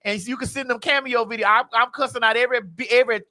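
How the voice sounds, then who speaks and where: A woman hosting a podcast, cursing freely and teasing in brash, animated chat. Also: on the high side, fast. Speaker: podcast host. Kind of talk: loud, brash casual chat.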